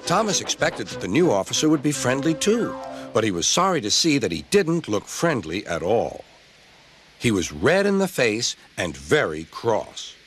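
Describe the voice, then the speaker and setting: A young man narrating a children's train story with a lively, expressive reading. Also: medium pitch, moderate pace, faint music behind. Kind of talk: storybook narration, fan remake.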